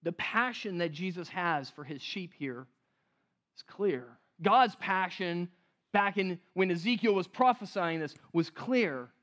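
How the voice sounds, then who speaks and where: Man, pastor, sermon, high-pitched, earnest, slow emphatic phrasing, swings from forceful to hushed. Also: expressive. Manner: earnest, rises to emphatic then drops to hushed; slows down to stress key phrases.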